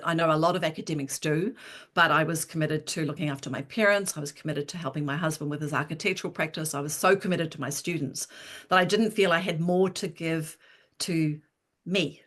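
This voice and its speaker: Here's a woman in her sixties, a writer on an interview show, and she tells her story with real animation, laughing often along the way. Her voice sits a bit low for a woman. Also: a little fast, fairly bright tone. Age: 60s. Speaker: guest, writer.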